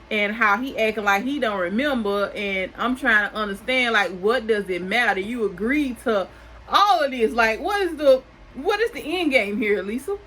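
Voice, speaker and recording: A woman's voice: medium pitch, fairly bright tone, poor audio. Woman doing a sassy casual tv recap, aave, regular mid voice, a little hiss behind. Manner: chatty, sassy asides. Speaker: recap host.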